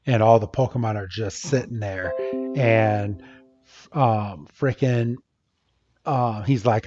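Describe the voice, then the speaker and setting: A man's voice: fairly low pitch, unhurried, darkish tone. Casual man recapping on a podcast. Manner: casual, playful retelling with quoted lines. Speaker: podcast co-host. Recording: dull lo-fi podcast audio.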